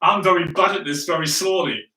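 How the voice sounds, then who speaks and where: Speaking a little fast in a high, fairly even, pushed and bright voice, a pastor preaches through a chatty, self-mocking story. Frequent "right?" asides reach out to the audience, and the mic sits far off in an echoey space.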